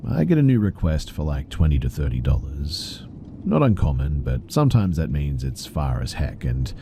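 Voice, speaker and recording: Very deep-voiced man narrating horror. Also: gravelly, warm tone, a little hiss or hum. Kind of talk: scripted first-person story narration.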